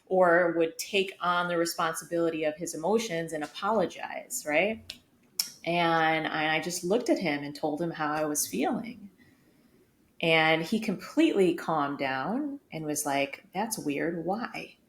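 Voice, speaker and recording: A woman's voice: deep voice, a little slow. A woman co-hosting a podcast, telling a personal story in an open, reflective way with lots of casual fillers. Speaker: podcast co-host. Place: home room, vacuum running outside the door. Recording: echoey room, faint background noise.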